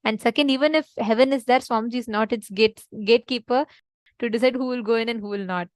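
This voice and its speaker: A woman's voice: on the high side, fast talker, clear, resonant tone, no room sound, low-quality recording. A woman leading a devotional teaching session, earnest and emphatic, often repeating her main points. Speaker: spiritual teacher.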